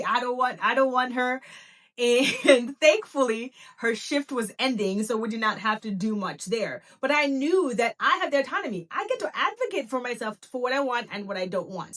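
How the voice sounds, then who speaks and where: A woman in her thirties hosting a podcast, telling a personal story in a casual, lively way and acting out what people said. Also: fairly high pitch. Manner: animated, laughing, acts out quoted talk. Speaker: podcast host.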